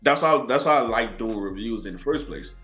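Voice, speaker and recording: A man's voice: medium pitch, expressive, brisk, a bit bright. A man from South Carolina with a Southern accent, tipsy, rambling and swearing freely as a guest on a casual podcast. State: tipsy from drinking. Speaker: guest, movie reviewer. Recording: dull lo-fi sound with faint music.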